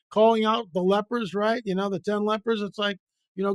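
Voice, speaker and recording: A man's voice: sits high, fairly even intonation, normal speed, darkish tone, no echo, studio quality. A man speaking as a guest researcher in an interview, emphatic and repetitive, firing off rhetorical questions with passionate conviction. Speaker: guest author and biblical researcher. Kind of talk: impassioned interview talk.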